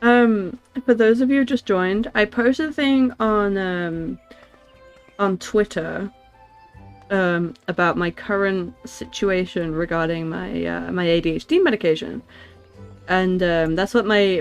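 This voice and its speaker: A woman streamer chatting casually while she plays, halting and full of restarts. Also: lowish voice, steady tone, soft background music. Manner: halting, with many restarts and fillers. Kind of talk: casual livestream chat while gaming.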